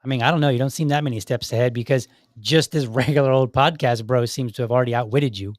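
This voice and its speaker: A man's voice: medium pitch, fast, no room sound, clean studio sound. A man hosting a podcast, commenting sarcastically on clips and acting out imagined back-and-forth dialogue. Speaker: podcast host.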